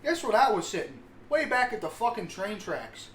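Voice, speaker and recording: A man's voice: high voice, sing-song, moderate pace. A man, co-hosting a podcast and telling rambling, self-mocking stories full of swearing. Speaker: podcast co-host. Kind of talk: casual storytelling. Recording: roomy sound with faint hiss.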